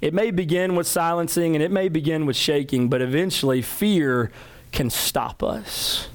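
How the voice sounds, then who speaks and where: Animated, higher-voiced male preacher. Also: brisk. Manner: animated storytelling with acted-out quotes. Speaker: pastor. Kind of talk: sermon.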